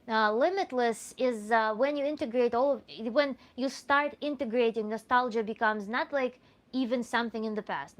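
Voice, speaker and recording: A woman with a Russian accent, a coach answering viewer questions in an animated, earnest way with frequent restarts. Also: on the high side. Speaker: tantra coach.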